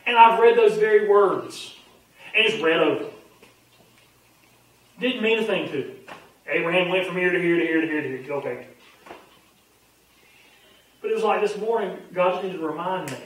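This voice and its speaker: A man's voice: high-pitched, normal speed, pauses often, fairly bright tone, recorded from a distance. A man, a pastor teaching a Bible study in a folksy, earnest, conversational way with frequent fillers. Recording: very echoey room, voice off-mic with faint hum.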